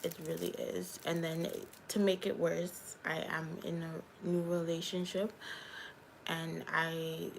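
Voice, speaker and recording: A woman's voice: on the low side, flat delivery, slow, gravelly, slight background noise, low-quality recording. A young woman, a YouTuber and hairstylist, chatting candidly on a livestream and talking straight to her viewers. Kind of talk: casual livestream chat.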